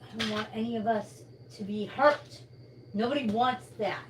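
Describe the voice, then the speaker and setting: A woman's voice: fairly high pitch, fairly even intonation, moderate pace, slight background noise, poor audio. A tired woman in pain, chatting bluntly and swearing through a casual livestream.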